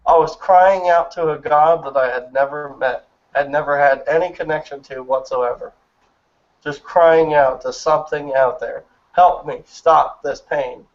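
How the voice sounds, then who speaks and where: A man in his thirties speaks in casual chat, telling a story earnestly and with feeling. His voice sits a little high. The sound is muffled, lo-fi voice chat audio. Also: normal speed. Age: 30s. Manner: earnest, emotional personal storytelling. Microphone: online voice chat.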